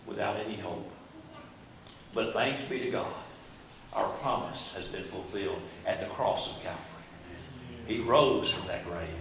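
Male pastor, folksy sermon that climbs to shouting, bright tense tone, faint room hum. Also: medium pitch. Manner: folksy, repetitive preaching that builds to shouting. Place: large echoey church sanctuary. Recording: echoey church from a distance.

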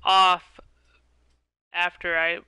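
Bright, clear-voiced giggly woman streamer. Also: lowish voice, flat delivery, extremely slow, no room sound, rough recording. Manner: giggly, chatty, says she talks loud. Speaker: live streamer. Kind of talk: casual gaming stream chat.

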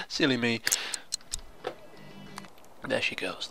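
A man giving chatty, excitable commentary on a video game, often laughing and exclaiming. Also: fairly high pitch, normal speed, creaky, faint music behind. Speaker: gaming video host. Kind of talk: let's play commentary.

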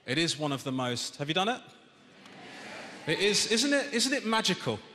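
A British man doing a stand-up routine, exasperated and ranting, his voice rising to shouts. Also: high voice, big pitch swings, moderate pace. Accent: British English. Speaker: stand-up comedian. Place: large theatre stage with audience laughter. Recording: echoey theatre hall, audience noise.

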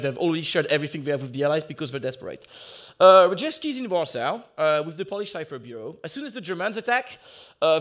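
Animated man telling a history story. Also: on the high side. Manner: lively storytelling with many fillers and restarts. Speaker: conference speaker. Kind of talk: conference talk on history.

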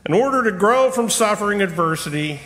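A middle-aged man giving a rambling personal sermon in a church, humorous and self-deprecating, slowing down for emphasis. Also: high voice, expressive, sharp tone. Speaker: lay preacher. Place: church sanctuary. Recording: long reverb of a church hall.

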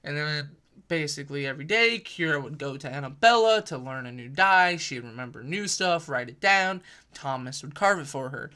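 A man's voice: on the high side, bright, forceful tone. A young man giving a casual, rambling book review, often correcting himself mid-sentence with fillers like "um" and "kinda.".

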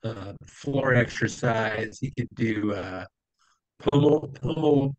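A man's voice: mid-range voice, slow, no room sound, low-quality recording. Man, interview guest, casual storytelling, rambling, lots of fillers, dry close sound. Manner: rambling, many fillers, acts out quoted voices.

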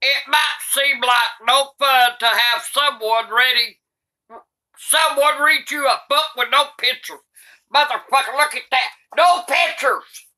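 Cranky old grandma cussing nonstop while she reads, slow drawl, really piercing bright voice. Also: sits high, steady tone. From United States. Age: older. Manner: cranky, swears constantly, shouts in outrage. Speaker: comedy YouTuber grandmother. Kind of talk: comedic reading aloud.

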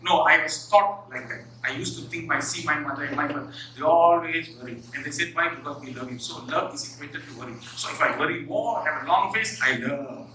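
Bright, high-voiced male speaker in echoey hall. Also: brisk, few pauses. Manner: animated, humorous storytelling, acts out little scenes. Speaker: professor giving a public talk. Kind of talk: motivational talk. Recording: echoey hall, far from the mic.

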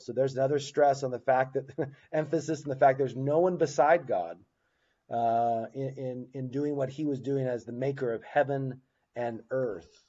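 A man's voice: medium pitch, steady tone, moderate pace, dark tone, dull audio. A man teaching a church Bible class without a script, stopping to restart his phrases and reading scripture passages aloud with emphasis. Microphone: recording device on battery.

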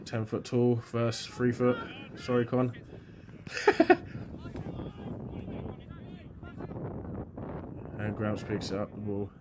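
A man from England, a bit under the weather, doing excitable live commentary on an amateur football match outdoors. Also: medium pitch, normal speed, noisy background. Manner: excitable, shouting at chances, then quiet and matter-of-fact. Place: outdoors at a grassroots pitch.

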